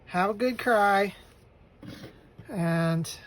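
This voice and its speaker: A woman's voice: medium pitch, drawn-out words, slight background noise, rough recording. A woman vlogger telling an emotional personal story while crafting a journal page, tearful at times and laughing as she remembers. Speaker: vlogger making a grief journal.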